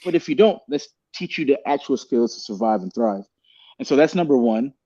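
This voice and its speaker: A man's voice: mid-range voice, animated, a little fast, mellow, lo-fi sound. A man speaking as a podcast guest, earnest and rambling, often calling the host "man" and "bro". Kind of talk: candid podcast conversation.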